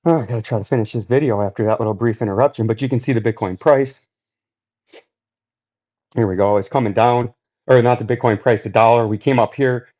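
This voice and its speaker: A man giving casual, profane market commentary over charts, out of breath and rambling with drawn-out emphasis. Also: medium pitch, steady tone, mellow, lo-fi sound.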